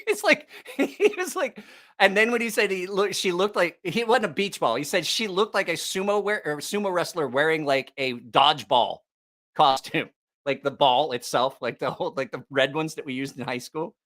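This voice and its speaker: A man hosting a casual livestream chat, telling a profane story with lots of laughter and animated asides. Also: on the high side, moderate pace. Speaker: knife channel host.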